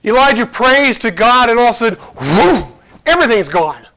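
A man preaching a casual, conversational sermon, lively and jokey, acting out the people he quotes. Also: very high voice, a little fast.

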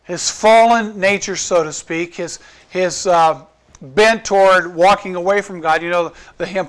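A man's voice: sits high, normal speed. A man preaching a sermon in an earnest, conversational way, asking the congregation questions and quoting scripture. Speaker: pastor.

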